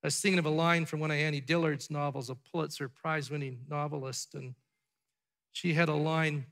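A pastor preaching a sermon to his congregation, asking rhetorical questions and dropping to a hush before building back up. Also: fairly high pitch, steady tone, brisk. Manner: dramatic, drops to a hushed tone for emphasis, then builds up. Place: church sanctuary.

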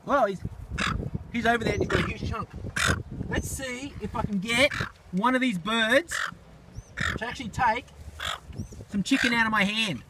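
A man giving excitable running commentary on camera while feeding birds outdoors, often exclaiming and repeating himself. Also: very high-pitched, normal speed, pauses often. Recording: noisy outdoor recording with birds.

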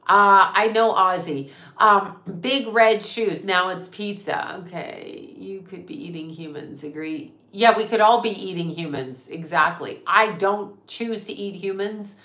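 A psychic medium who hosts a channel rants on a casual livestream, emphatic and profane, firing off rhetorical questions. Her mid-range voice has a sharp tone, unhurried and with few pauses, in a roomy echo.

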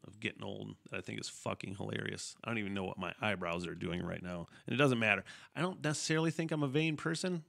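A man's voice: mid-range voice, vocal fry, fairly bright tone. A man hosting a casual solo podcast, rambling and swearing freely, often laughing mid-sentence. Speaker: podcast host.

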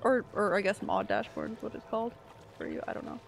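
A woman live-streaming a horror game, reacting excitably and chatting with her viewers as she plays. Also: mid-range voice, fast talker, gravelly, slight background noise. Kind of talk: live gameplay commentary.

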